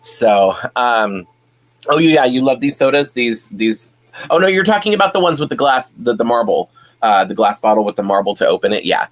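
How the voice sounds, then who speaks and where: A man's voice: mid-range voice, big pitch swings, normal speed. A man hosting a casual live stream at home, chatting and reading viewer comments, rambling with many fillers and restarts.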